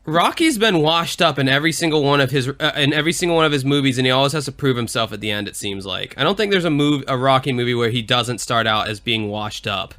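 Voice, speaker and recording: A young man co-hosting a podcast, telling stories in animated casual chat with swearing. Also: medium pitch, fast talker, hardly any pauses. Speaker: podcast co-host.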